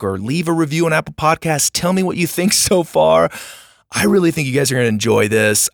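Man, podcast host, gravelly higher-set voice, dry close sound, upbeat and chatty. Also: no echo. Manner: upbeat, chatty, addressing young listeners. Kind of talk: casual podcast outro.

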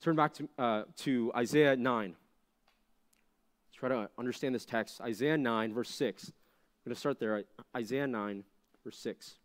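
A young adult man preaching a conversational sermon to junior high students, animated and full of rhetorical questions. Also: a little slow. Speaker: youth pastor.

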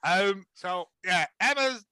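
Sarcastic man co-hosting a podcast chat, high voice, dry close sound. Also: lively intonation, slow, pushed and bright, clean tone, no room sound. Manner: sarcastic, acts out characters in funny voices. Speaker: podcast co-host. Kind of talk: casual chat recapping a film.

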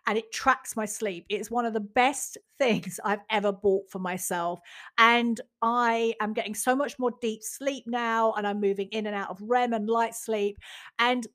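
A woman in her forties talks through her days in a candid, reflective monologue. Her voice sits a little on the high side. She is chatty and frank, swears now and then, and briefly mimics her own inner voice. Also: unhurried, fairly bright tone.

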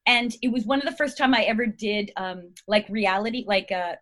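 A woman's voice: mid-range voice, normal speed, a bit bright. A middle-aged American woman, an actress guest, chatting in a rambling, bubbly way and laughing often. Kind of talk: casual interview chat.

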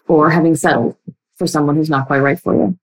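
Young adult woman, coach talking to camera, slightly low voice, blunt and emphatic, uneven pace. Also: fairly even intonation, husky, low-quality recording. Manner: blunt, emphatic, speeds up and slows down a lot. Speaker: relationship coach. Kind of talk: direct-to-listener coaching talk.

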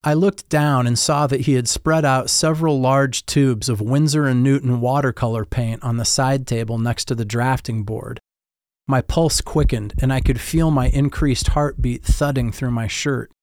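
A man's voice: mid-range voice, fairly even intonation, normal speed, a little mellow, no room sound, studio quality. A man giving scripted first-person narration of a story in a reflective, wry manner.

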